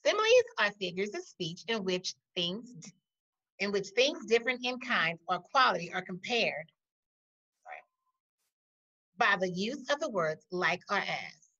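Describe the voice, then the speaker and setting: A woman teacher giving a recorded poetry lesson, talking slowly and deliberately and pausing to question the class. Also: medium pitch, animated, pushed and bright. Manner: slow, deliberate, with pauses. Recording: dull lo-fi audio.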